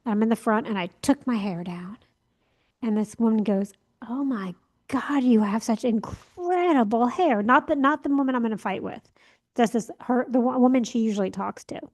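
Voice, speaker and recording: A woman's voice: on the high side, a little mellow. A young woman co-hosting a podcast, telling a story in casual chat and acting out the lines she quotes. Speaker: podcast co-host.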